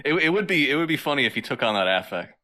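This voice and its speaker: A man's voice: a little high, big pitch swings, racing, pushed and bright. Laughing man quizzing his co-host. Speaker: podcast co-host. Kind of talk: casual comedic podcast chat.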